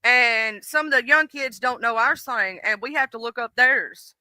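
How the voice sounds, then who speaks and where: A woman's voice: fairly high pitch, normal speed, sharp tone, no echo. A middle-aged woman hosting a live stream in casual, rambling chat, full of fillers and restarts. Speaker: livestream host.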